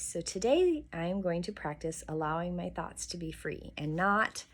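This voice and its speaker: Soft-spoken woman, lowish voice. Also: big pitch swings, breathy edge. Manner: soft, musing, pauses and restarts. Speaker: devotional host. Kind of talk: reflective morning devotional talk.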